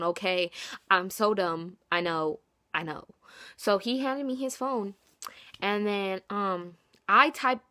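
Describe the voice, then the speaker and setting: Excitable rambling young woman vlogging. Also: medium pitch. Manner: excitable, rambling, self-mocking, many fillers. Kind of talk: casual storytelling vlog.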